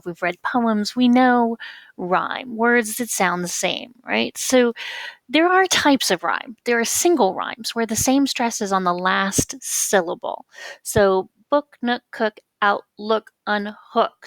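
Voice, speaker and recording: A woman teacher giving a casual lecture on poetry, stretching example words out slowly and patiently. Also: medium pitch, no echo.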